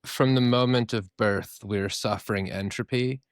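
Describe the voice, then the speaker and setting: This Minnesota man co-hosts a podcast full of playful, joking casual chat, swearing casually along the way. His voice sits lowish with fairly even intonation and a moderate pace, captured in studio quality with no echo.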